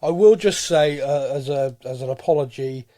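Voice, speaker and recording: A man's voice: mid-range voice, moderate pace, mellow, dry recording, studio quality. A man hosting a podcast, chatting casually and a little nasal from a cold. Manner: chatty, rambling with fillers. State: head cold, a bit nasal. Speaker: podcast host. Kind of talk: casual chat.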